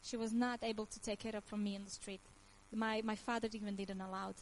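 In accented, nonnative English, a Croatian woman in her thirties recounts her faith testimony with earnest emotion and frequent laughter. Her mid-range voice is delivered flatly and quickly, and the rough recording carries slight background noise.

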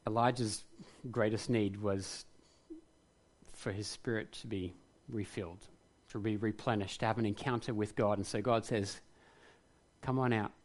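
A man's voice: lowish voice, steady tone, normal speed. A man preaching a sermon, earnest and reflective, rising to passionate emphasis at times. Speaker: pastor.

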